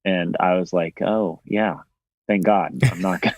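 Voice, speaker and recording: A man from Tennessee with a Southern accent, a guest actor talking in a wry, self-deprecating way with drawn-out pauses. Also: low voice, steady tone, no echo. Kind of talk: casual video interview.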